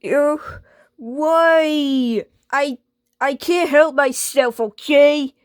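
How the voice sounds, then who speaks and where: A stubborn, whiny washing machine with a moody streak, played by a woman, talking slowly in a fairly high voice with defiant, slangy comebacks. The sound is dry and close, with no room around it. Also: no room sound. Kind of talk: homemade skit voice acting.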